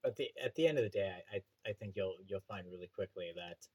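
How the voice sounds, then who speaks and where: A man co-hosting a podcast in casual chat, animated, laughing often and repeating words as he talks. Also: low-pitched, quick pace, breathy edge. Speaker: podcast co-host.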